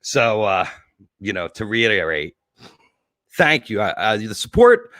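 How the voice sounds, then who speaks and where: A man's voice: lowish voice, very animated, unhurried, a bit bright, no room sound, clean studio sound. A man hosting a casual livestream show, rambling and emotional, choked up and teary, with many fillers and restarts. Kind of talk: casual livestream sign-off chat. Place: home.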